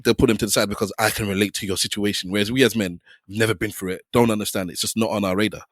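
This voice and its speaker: A man co-hosting a podcast, explaining things fast in casual chat and often talking over others. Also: lowish voice, fairly even intonation, no room sound, studio quality. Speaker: podcast co-host.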